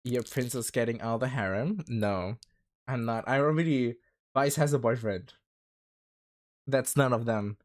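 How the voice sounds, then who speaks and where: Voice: medium pitch, measured pace, pauses often. A livestreamer chatting casually with viewers, rambling with many fillers and laughing often. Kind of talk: casual stream chat.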